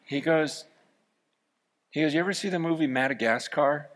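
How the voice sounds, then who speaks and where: A man preaching a sermon, telling a story with lively energy that rises to shouts. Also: fairly high pitch, normal speed, slight background noise. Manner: storytelling, animated, rising to shouts. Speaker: pastor.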